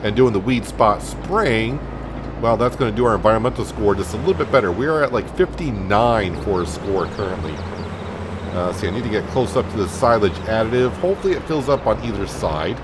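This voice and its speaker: A man giving relaxed let's-play commentary on a farming game, chatty and thinking aloud as he plays. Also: lowish voice, a little fast. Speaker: gameplay commentator. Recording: noticeable background noise.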